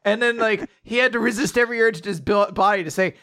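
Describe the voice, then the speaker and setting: A man's voice: high-pitched, fast talker, a bit bright, no room sound, clean studio sound. A man co-hosting a podcast, chatting casually and animatedly with frequent laughs. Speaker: podcast co-host. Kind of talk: casual chat.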